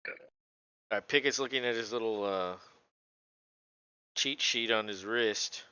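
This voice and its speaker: A man casually calling a football game play by play, relaxed, laughing often and swearing freely. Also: medium pitch, a little slow, pauses often, clear, resonant tone, dry recording, dull audio. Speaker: co-host doing play-by-play.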